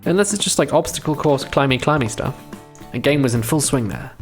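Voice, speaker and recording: A man's voice: medium pitch, lively intonation, fairly quick, soft background music. A young man live-streaming a visual novel, reading the text aloud and breaking off into chatty, profane commentary.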